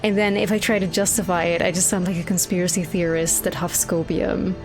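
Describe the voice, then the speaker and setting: A woman's voice: on the low side, fairly even intonation, a little fast, over music. A young woman giving casual, profane commentary while playing a video game, rambling and incredulous. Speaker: game streamer.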